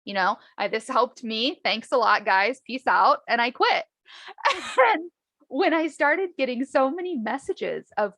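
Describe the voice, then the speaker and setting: A woman chatting casually about her own life, acting out the people in her stories with lively voices. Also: on the high side, a little slow, no echo. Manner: animated, acts out dialogue in lively voices. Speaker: podcast host, guest. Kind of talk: casual storytelling chat.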